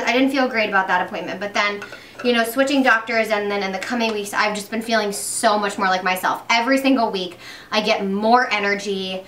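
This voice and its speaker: A woman's voice: fairly high pitch, pushed and bright, roomy sound, distant mic. A young pregnant woman chatting casually while doing her makeup, upbeat, with lots of fillers and restarts. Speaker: beauty vlogger.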